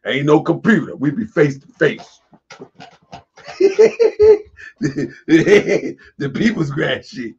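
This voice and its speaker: A man runs a casual livestream while getting over a cold, so his voice comes out husky. He talks with lively, swooping pitch and laughs often as he answers chat comments. The audio is dull and lo-fi. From Baltimore area. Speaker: livestream host. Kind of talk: casual livestream talk to viewers.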